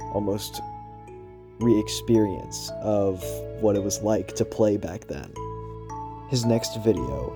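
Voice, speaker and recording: A man with a scratchy throat narrating a horror story voiceover in a low monotone, hushed on the eerie lines. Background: music.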